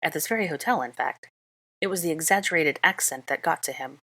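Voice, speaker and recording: A woman narrating a fan fiction story aloud in a calm, measured reading voice. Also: low voice. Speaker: reader.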